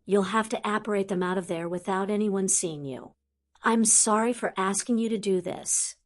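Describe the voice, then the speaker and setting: A woman voicing a frightened young wizard, hushed and breathless. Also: medium pitch, normal speed, natural voice. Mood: hushed urgent. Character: frightened young wizard boyfriend, urgent and pleading. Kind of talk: audiobook character voice.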